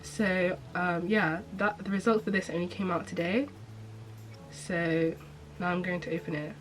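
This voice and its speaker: A woman's voice: on the low side, steady tone, unhurried, faint music behind, rough recording. A young woman chatting casually to camera as a medical student vlogger, upbeat with lots of fillers. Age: young adult. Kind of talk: casual vlog chat to camera.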